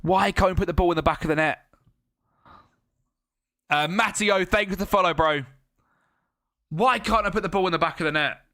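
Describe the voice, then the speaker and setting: A man streaming a football management game, commentating live and chatting with his viewers. He gets excitable and yells at the match. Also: sits high, moderate pace, pauses often.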